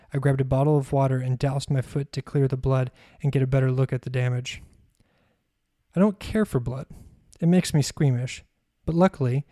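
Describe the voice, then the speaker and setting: A man reads his own memoir aloud in a measured, even storytelling manner. His tone is mellow and warm, with little rise and fall in pitch. The recording is close and dry. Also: dry recording. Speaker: podcast host and author.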